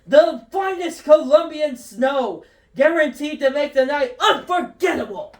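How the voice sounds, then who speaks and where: A woman voicing an excitable, eccentric old male scientist, loud and shouting, in a roomy recording from a distance. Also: sits high, unhurried, voice pushed up. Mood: excited. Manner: loud, giddy, shouting exclamations. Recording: roomy echo, distant from mic.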